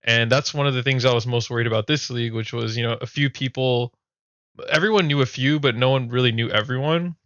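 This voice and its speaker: A man's voice: medium pitch, a bit bright, dry recording, highs cut off. A man hosting a podcast, chatting casually and easygoingly, laughing often. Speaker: podcast host and league commissioner. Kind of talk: casual chat.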